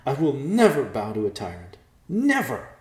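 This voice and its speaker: A man voicing a grieving, defiant young woman who pleads and shouts in fury. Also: normal speed, echoey room, lightly acted. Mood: furious. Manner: shrill, pleading, furious outbursts.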